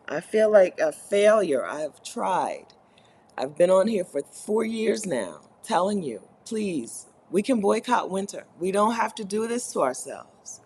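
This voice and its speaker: A woman with a mid-range, slightly rough, somewhat mellow voice speaks a little slowly, her pitch swinging widely. She hosts a live co-working stream from the Caribbean, reading chat messages aloud and chatting playfully. She's chatty, laughs often, and makes playful mock complaints.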